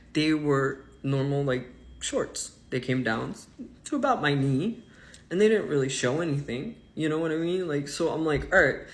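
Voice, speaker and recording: A man telling a personal story in a casual, indignant rant, swinging between loud outbursts and muttered asides. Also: a little high. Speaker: vlogger.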